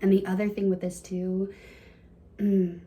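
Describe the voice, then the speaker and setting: A woman giving a casual, encouraging card reading to her viewers, chatty and quick to laugh. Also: medium pitch, level tone, dark tone. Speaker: tarot reader.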